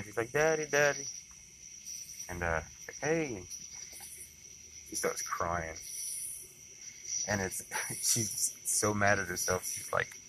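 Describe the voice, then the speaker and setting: A man's voice: sits low, pushed and bright, a little hiss or hum, rough recording. A young man, rambling and reflective in a casual daily video diary about being a father. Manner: rambling, reflective, with many fillers and restarts. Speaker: vlogger, father.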